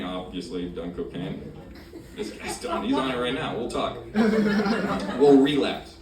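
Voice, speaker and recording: A man doing a stand-up comedy set on a club stage, brash and crude, swinging from loud punchlines to mumbled asides. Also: fairly low pitch, expressive, measured pace. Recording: roomy club sound from far off, loud crowd noise.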